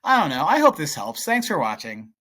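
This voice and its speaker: Man, math teacher, playful tutorial, lively up-and-down pitch, chatty. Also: fairly quick. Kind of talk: casual whiteboard tutorial.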